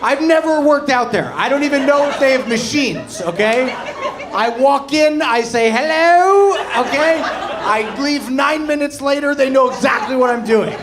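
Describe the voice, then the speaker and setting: Brash high-voiced man doing stand-up. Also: moderate pace, a crowd in the background. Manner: brash, profane, keeps tagging lines with "okay?". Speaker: stand-up comedian. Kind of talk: stand-up set. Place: comedy club stage before a laughing audience.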